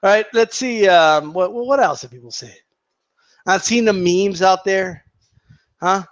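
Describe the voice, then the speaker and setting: A man's voice: high-pitched, unhurried, no echo, dull audio. A man ranting casually to his viewers, heated and profane, mocking people and repeating himself for emphasis. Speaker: boxing commentator vlogger.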